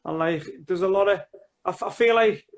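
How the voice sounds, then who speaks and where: A man with a Liverpool accent speaks as a soldier guest on a casual video chat. His voice sits high for a man, and he talks earnestly and haltingly, often restarting his sentences.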